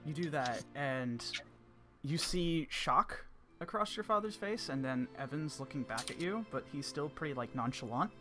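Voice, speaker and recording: A man narrating a tabletop game as game master, in a casual, halting way with fillers. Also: fairly high pitch, animated, pushed and bright, faint music behind.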